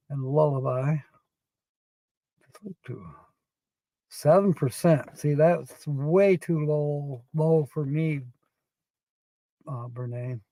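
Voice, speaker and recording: A man hosting a livestream, chatting casually with viewers as he scratches tickets and reads out letters at a slow, rambling pace. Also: a little high, mellow, no room sound, poor audio. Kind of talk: casual live-stream chat.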